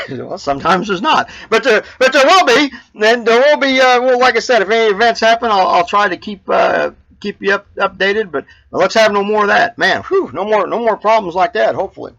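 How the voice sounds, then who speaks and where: A man with a high, bright voice rambles through a casual update on his own trucker show. He stops and restarts often, with lots of fillers and chuckles along the way. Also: brisk, dull audio. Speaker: trucker podcast host.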